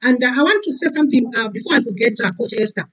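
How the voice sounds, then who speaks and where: A woman, a guest giving a testimony in relaxed chat, often saying "you know". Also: fairly high pitch, rapid-fire, slightly rough, rough recording. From Zambia. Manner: warm, filler-heavy, keeps saying "you know".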